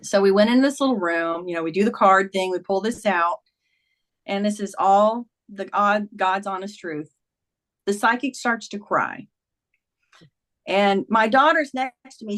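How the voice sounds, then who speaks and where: A woman in her fifties, a guest author, animatedly retelling a personal story in a casual interview with lively quoted voices. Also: medium pitch, a little slow.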